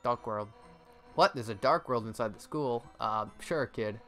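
A man reading as a tough-talking fish-monster policewoman from a video game, brash and loud. The voice stays close to his own, with soft game music behind. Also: mid-range voice, unhurried.

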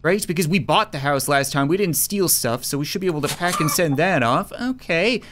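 A YouTuber commenting on a game with sarcastic jokes and quick asides to the characters. The voice sits at a middling pitch but swings up and down a lot. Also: expressive, noisy background. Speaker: gaming YouTuber. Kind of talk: gameplay commentary.

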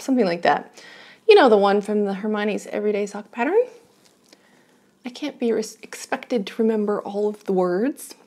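A woman's voice: mid-range voice, darkish tone. A woman chatting casually to her own camera at home, rambling and self-deprecating as she shows her knitting projects. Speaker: knitting vlogger. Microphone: camera she is filming herself with.

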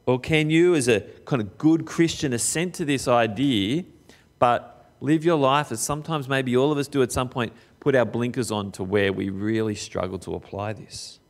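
A middle-aged man preaching a sermon in a conversational way, putting questions straight to his listeners and sometimes slowing down for emphasis. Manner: lively swings of pitch, sometimes slow and emphatic. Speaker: pastor.

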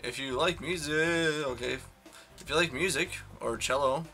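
A man's voice: mid-range voice, moderate pace, gravelly, pushed and bright, soft background music. A young man giving casual, rambling, self-mocking commentary while playing a video game, swearing freely. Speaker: let's play commentator.

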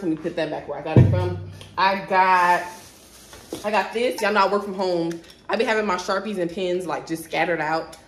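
Talking directly to her viewers from indoors at home, this young vlogger in her 20s goes over her shopping haul in a chatty, easily sidetracked way. Her voice is on the low side and a bit bright, recorded in an echoey room with faint noise.

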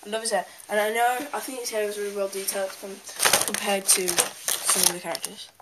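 A woman's voice: mid-range voice, flat delivery, brisk. Rambling woman unboxing a toy on camera. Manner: rambling, chatty, talks while handling things. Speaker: toy collector vlogger. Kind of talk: casual unboxing commentary. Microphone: handheld camera's built-in mic. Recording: loud noise, crinkling packaging.

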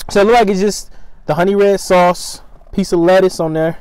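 A man's voice: high-pitched, expressive, brisk, a little mellow, clean tone, no room sound, low-quality recording. A man, talking casually and in slang on an eating vlog, chatting to viewers between bites. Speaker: mukbang vlogger.

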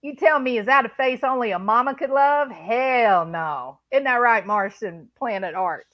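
A woman's voice: on the high side, expressive, normal speed, dry recording, lo-fi sound. A woman hosting a livestream, chatting and joking with her viewers. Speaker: livestream host. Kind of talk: casual chat.

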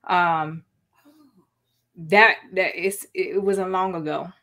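A woman's voice: on the low side, steady tone, slow pace, bright, forceful tone. A woman hosting a talk show, speaking with emotion and holding back tears, with many "you know" fillers. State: near tears. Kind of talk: heartfelt conversational interview.

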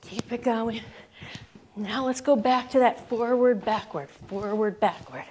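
A woman's voice: on the high side, a little slow, darkish tone, a little hiss or hum. Upbeat woman coaching a rebounding workout. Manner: upbeat, encouraging cues while exercising; counts down reps aloud. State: bouncing on a rebounder while talking. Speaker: fitness instructor.

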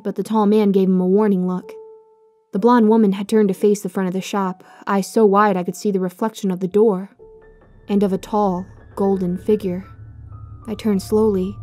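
Brief: woman narrator for a horror story, mid-pitched and warm, hushed and suspenseful.

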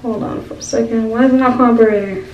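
A young beauty vlogger gives a casual hair tutorial in a slightly high, steady voice, talking fast. The audio is dull, roomy and distant with faint noise, and she chats away, constantly asking her viewers "y'all" questions.

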